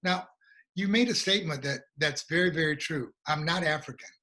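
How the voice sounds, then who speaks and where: American guy telling his story, earnest and reflective, a bit high-pitched. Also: bright, forceful tone. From USA. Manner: earnest, reflective, slow at emotional moments. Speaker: guest, regional coordinator. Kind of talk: personal storytelling in a conversation.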